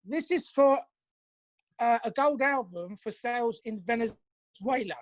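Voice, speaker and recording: A man from England, a musician guest, telling chatty anecdotes with quick asides over a video call from his home. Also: very high-pitched. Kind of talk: casual interview chat.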